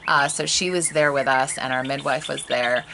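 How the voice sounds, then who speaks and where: A woman's voice: rumbling low, fairly even intonation, moderate pace, gravelly, sharp tone, a little hiss or hum. A woman in her thirties candidly telling the emotional story of a birth, casual and full of fillers. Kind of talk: personal storytelling.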